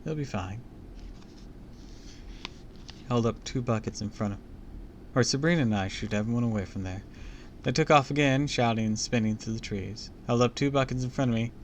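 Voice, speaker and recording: A man's voice: medium pitch, fairly quick, a little hiss or hum. A man streaming a live read-aloud of a book, breaking off into casual comments and jokes. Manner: chatty, comments and jokes between passages.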